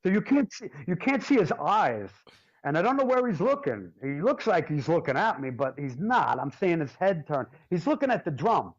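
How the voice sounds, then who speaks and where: A male drummer spins stories in a loose, joking way and swears as he goes. His voice sits a bit high for a man. The recording sounds dull and lo-fi. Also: normal speed. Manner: animated, jokey, swears freely. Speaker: drummer, interview guest. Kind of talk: casual storytelling.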